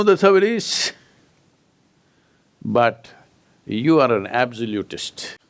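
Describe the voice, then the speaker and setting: A man speaking as a spiritual teacher to an audience, emphatic and prodding his listeners with rhetorical questions. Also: mid-range voice. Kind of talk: public talk to an audience.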